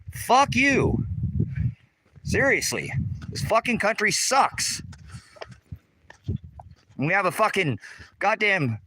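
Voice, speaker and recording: Walking his property outdoors with a phone in hand, a man livestreams a tour, combatively ranting at viewers' comments and cursing all the while. His high-pitched voice swings widely in pitch, moving slowly with long pauses, pushed and bright with a breathy edge. The sound has no echo.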